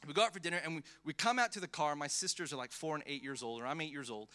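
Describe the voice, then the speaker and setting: A man in his thirties preaching to a church congregation, his voice very bright and a little high for a man. He talks animatedly and conversationally, with frequent restarts, and acts out quotes as he tells stories from the pulpit. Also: very fast. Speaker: pastor. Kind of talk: sermon with personal storytelling.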